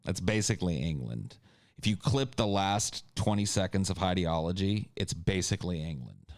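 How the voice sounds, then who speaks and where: Man, low voice, dry close mic, crude, joking, casual podcast host. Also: animated, moderate pace, no room sound. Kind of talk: casual comedic podcast chat.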